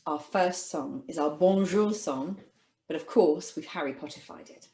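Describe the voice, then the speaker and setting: A woman's voice: low-pitched, moderate pace, mellow, roomy sound. A woman teaching an online French lesson to children in a cheerful, sing-song manner. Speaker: language teacher.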